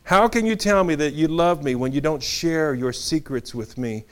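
A preacher voicing a coaxing, manipulative young woman in a soft, pouty, wheedling way. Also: on the high side, moderate pace, clear, resonant tone, close to an everyday voice. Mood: pouting.

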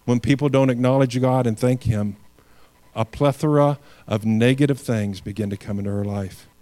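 A male pastor delivering a sermon at an ordinary pitch for a man. He presses hard on key lines, lets phrases sink low and soft, and repeats words when he restarts. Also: normal speed. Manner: earnest preaching, swings from loud emphatic lines to quiet low endings.

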